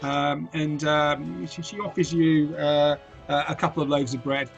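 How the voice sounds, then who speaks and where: A man's voice: on the high side, little pitch movement, unhurried, gravelly, highs cut off, faint music behind. Hesitant man running a tabletop game. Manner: hesitant, full of fillers and restarts. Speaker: game master.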